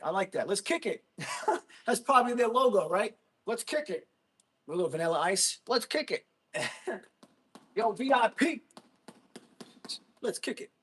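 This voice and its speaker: A man in his thirties, a Marine veteran, chatting casually to viewers on a livestream, rambling and excitable, often laughing and talking to the chat. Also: sits high, breathy edge. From Jersey City, USA.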